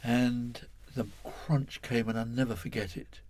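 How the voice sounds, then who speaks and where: A man's voice: medium pitch, fairly even intonation, a little slow, darkish tone. An older man from England, a guest in an interview, telling a long story in a rambling, self-correcting way, chuckling as he goes.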